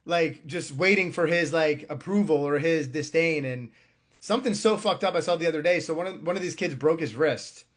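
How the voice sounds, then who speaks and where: A man in his thirties talking as a podcast guest and youth coach, his voice sitting a little higher than usual for a man. He chats casually, packing his speech with filler words and plenty of swearing. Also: moderate pace. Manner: blunt and profane, heavy on filler words.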